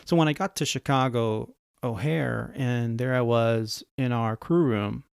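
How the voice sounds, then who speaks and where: A man's voice: medium pitch, fairly even intonation, measured pace, creaky, clean tone, no room sound, studio quality. A man who hosts a podcast and flies for an airline, telling anecdotes in a conversational way and acting out the other people in his stories. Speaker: podcast host and airline pilot. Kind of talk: casual anecdotal storytelling.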